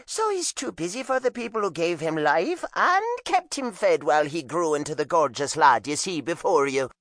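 A man voicing a loud, teasing Irish mother who runs a pub, with a shrill, strained timbre and a brash, theatrical manner. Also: big pitch swings, moderate pace, no room sound, clean studio sound.

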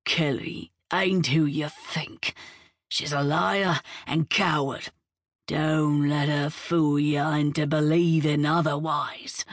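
Bitter drunken dockhand, voiced by a woman narrator; slurred snarl, low and slow. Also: creaky, no room sound, clean studio sound, distant mic, heavily acted. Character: surly drunken dockside man, bitter and hostile.

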